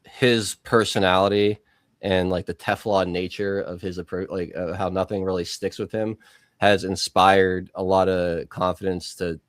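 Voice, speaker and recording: A man's voice: low-pitched, level tone, normal speed, no echo. A man on a political podcast, explaining his views and acting out quoted voices as he goes. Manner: storytelling, acts out quoted voices. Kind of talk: casual political podcast talk.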